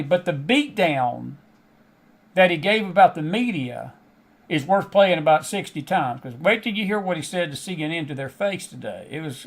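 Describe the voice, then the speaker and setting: This middle-aged host has a Southern American twang and a voice that runs notably high for a man. He rambles in a folksy, chatty way, laughing often and dropping asides, treating his live online audience like old friends in a casual monologue.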